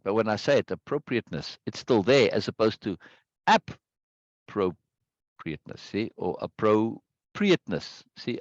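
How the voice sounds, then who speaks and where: Man, teacher, low voice, patient explainer, muffled dry video-call sound. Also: gravelly, dry recording. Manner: explanatory, slows to stress syllables, asks "right?" often. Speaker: teacher leading a book discussion. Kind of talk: online class discussion.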